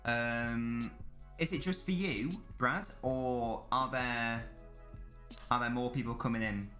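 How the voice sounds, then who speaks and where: Casual guy in a streaming booth, bright and punchy tone, loose chatty delivery. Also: medium pitch, slow pace, soft background music. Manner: chatty, rambling, laughs at his own jokes. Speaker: streamer hosting a live football watchalong. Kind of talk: casual live-stream commentary, reading and answering chat.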